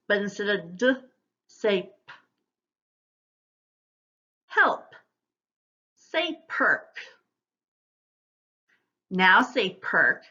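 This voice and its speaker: A woman teacher giving a recorded phonics lesson, modeling words and sounds slowly and deliberately for her students. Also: medium pitch, pushed and bright, dull audio.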